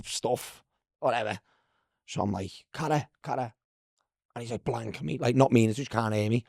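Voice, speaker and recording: Animated Scouse man telling stories. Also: lowish voice, vocal fry, no room sound, studio quality. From Liverpool, England. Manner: animated, mimics voices in anecdotes, says "lad" constantly. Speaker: guest, former footballer. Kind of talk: casual storytelling.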